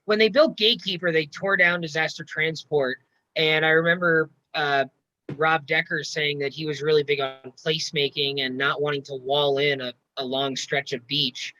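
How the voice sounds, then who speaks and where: A man co-hosting a casual podcast chat, talking in a quick, laughing way with stumbling restarts. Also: on the high side, fairly even intonation, sharp tone, rough recording. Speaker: podcast co-host. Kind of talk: casual chat about roller coasters.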